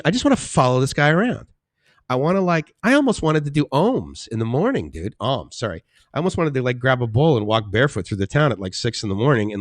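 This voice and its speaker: A man's voice: no echo, studio quality. Chatty, rambling middle-aged man streaming live. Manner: chatty and rambling, laughs often, swings between soft musing and excited high bursts. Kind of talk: casual live-stream chat. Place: indoors at home.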